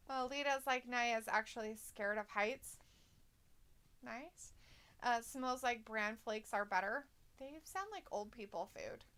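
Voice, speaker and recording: A woman's voice: fairly high pitch, slow pace, pauses often, a bit bright, smooth. A woman co-hosting a live stream, chatting casually, reading viewer comments aloud and laughing often. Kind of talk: casual watch-along chat.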